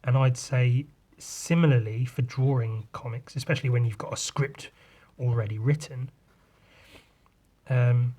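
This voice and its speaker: A man's voice: mid-range voice, fairly even intonation, unhurried, warm tone, husky. A man, hosting a podcast, rambling casually about drawing and swearing freely. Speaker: podcast host and comic artist. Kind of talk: casual chat.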